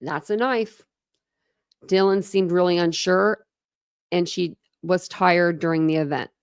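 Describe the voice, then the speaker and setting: A young woman hosts a true crime show, reading official documents aloud and stopping often to think out loud in a casual, filler-heavy way. Her voice sits a little low and has a gravelly edge. The sound is dry and close, with no room around it. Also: unhurried, no echo. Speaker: true crime channel host.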